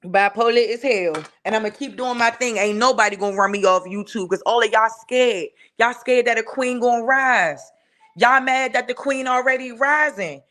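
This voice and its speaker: A fiery woman with a D.C. tears into someone on her live stream. Her voice sits a bit high and flies higher when she yells. The talk is profane and cutting, with sudden shouts. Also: moderate pace. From Washington, D.C. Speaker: channel host ranting on a live stream. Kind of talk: heated live-stream rant.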